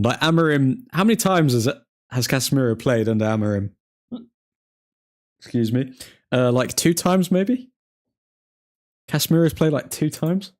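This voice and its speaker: This man runs a live football watchalong stream, chatting loosely, laughing a lot and throwing in mock French phrases. His voice is medium-pitched with a darkish tone.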